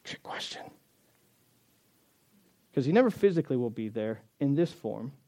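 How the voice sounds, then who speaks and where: A middle-aged man preaching a sermon, acting out the scripture and the quotes with lively shifts of voice. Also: mid-range voice, fast talker. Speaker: pastor.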